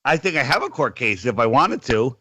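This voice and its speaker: A man's voice: medium pitch, very animated, a little fast, sharp tone, no room sound. A middle-aged man on a casual call-in radio show, telling a rambling story and acting out the lines of the people in it.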